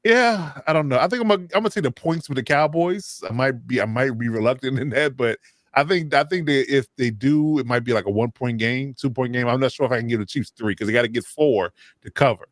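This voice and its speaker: A man hosting a casual sports podcast, relaxed and filler-heavy, who lifts his voice when he moves things on. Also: medium pitch, fast, dry recording, clean studio sound. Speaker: host.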